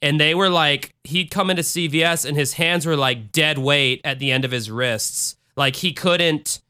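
A man's voice: fairly high pitch, moderate pace, bright, forceful tone, smooth. An American man hosting a casual true-crime podcast, retelling a case with chatty asides. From United States. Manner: chatty, retells cases with asides and bad impressions. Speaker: podcast host.

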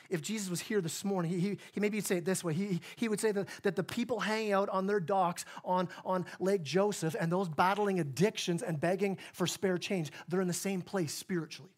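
A male pastor giving a sermon in church, in a conversational way that keeps acting out the people in the story. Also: high-pitched. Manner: conversational, plays out dialogue in voices.

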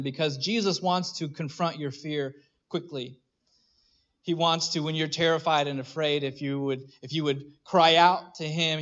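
A man preaching a sermon, animated and conversational, acting out little voices and restarting his phrases. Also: fairly high pitch, lo-fi sound. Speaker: pastor.

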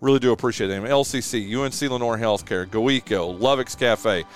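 A man hosting a local radio talk show, signing off in a relaxed, drawn-out way with plenty of "uh" and "man". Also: medium pitch, smooth. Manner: easygoing, drawn-out with many "uh"s and "man"s. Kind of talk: casual radio sign-off and chat. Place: radio studio. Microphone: studio microphone.

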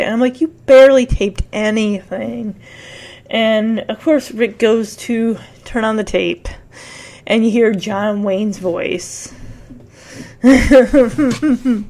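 A woman host giving a casual, animated recap of a TV episode, acting out the characters' lines and saying "like" often. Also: a little high. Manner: animated storytelling, acts out characters' lines, frequent "like". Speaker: podcast host.

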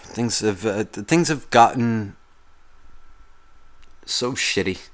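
A man's voice: on the low side, slow. A man hosting a podcast, talking in a casual, rambling, profane monologue full of complaints. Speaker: podcast host.

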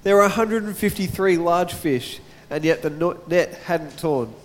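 Man, pastor, high voice, casual sermon, long church-hall reverb. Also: normal speed. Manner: chatty, jokes with the congregation. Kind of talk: sermon with Bible reading.

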